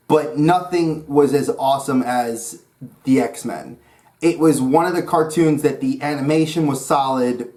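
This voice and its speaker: This New York man hosts his own YouTube channel, chatting casually and enthusiastically about cartoons in a rambling vlog style. His voice sits slightly high and has a somewhat mellow quality.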